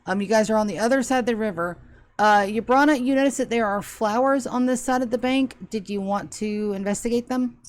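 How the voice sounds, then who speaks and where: A woman's voice: on the high side, fairly quick, no room sound. A woman narrating a tabletop game as game master, casual and swearing freely.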